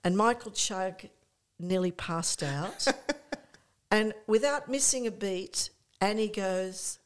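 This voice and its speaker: Older woman, interview guest, chatty anecdotes, halting restarts. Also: medium pitch. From Australia. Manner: lively anecdotal storyteller, many restarts and fillers. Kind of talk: casual storytelling interview.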